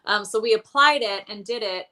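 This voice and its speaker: Bright-voiced woman telling her debt story. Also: mid-range voice, normal speed. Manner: candid, self-deprecating storytelling with many fillers. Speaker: guest. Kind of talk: casual interview chat.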